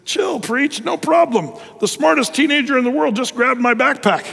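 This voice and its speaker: A cocky teenage boy, smug and cool, shouting in a high voice, as a preacher puts him on. The voice rings out with a long hall reverb. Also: moderate pace, gravelly, background noise. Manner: high-pitched, shouting, breezy.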